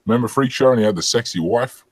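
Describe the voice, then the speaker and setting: A man's voice: mid-range voice, quick pace, no echo. A man, chatting casually as a guest, blunt and swearing freely. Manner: blunt, swears often, animated storytelling. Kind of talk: casual chat.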